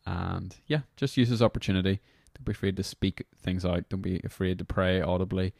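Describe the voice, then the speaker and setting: A young man with a very low, deep voice hosts a devotional podcast. He talks in a loose, rambling way, apologizing for his tangents as he leads into guided prayer. The sound is dry and close-miked. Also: steady tone, fairly quick, creaky, darkish tone, dry recording. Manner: casual, rambling, apologetic asides. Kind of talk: reflective podcast talk leading guided prayer.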